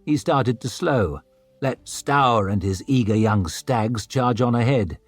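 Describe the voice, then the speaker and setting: A man's voice: mid-range voice, takes it slowly, faint music behind. A man narrating a fantasy audiobook in a dramatic storytelling manner. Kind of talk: scripted narration.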